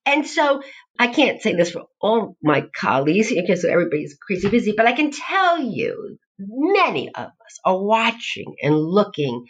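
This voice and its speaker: A middle-aged woman, a guest on a podcast, telling stories and acting out voices in an animated way. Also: mid-range voice, moderate pace, slightly rough. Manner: animated storyteller, acts out quoted voices. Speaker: guest, nutrition professor. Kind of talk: podcast interview. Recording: dull lo-fi audio.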